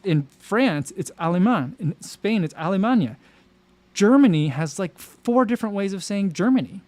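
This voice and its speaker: Rambling American man, slightly high voice. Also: moderate pace, no echo. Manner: rambling, animated, lots of fillers and restarts. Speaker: livestream host. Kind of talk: casual livestream chat.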